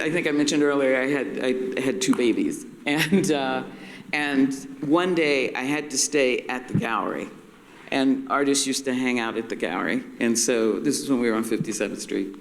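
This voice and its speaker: An older woman on a panel, telling an anecdote in an animated way, laughing and acting out the voices she quotes. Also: low-pitched. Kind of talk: anecdotal storytelling. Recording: roomy hall with long reverb.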